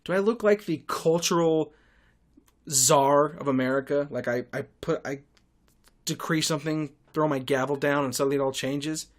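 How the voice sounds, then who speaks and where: A man's voice: a little high, normal speed. A young man hosting a podcast, telling stories in a crude, sarcastic rant. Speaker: podcast host. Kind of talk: solo podcast monologue.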